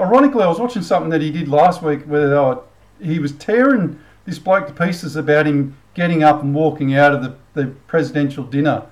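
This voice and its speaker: A man's voice: fairly high pitch, low-quality recording. A middle-aged Australian man hosting a commentary channel, ranting bluntly with casual swearing, then leading a prayer. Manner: blunt, heated, swears freely. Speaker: channel host.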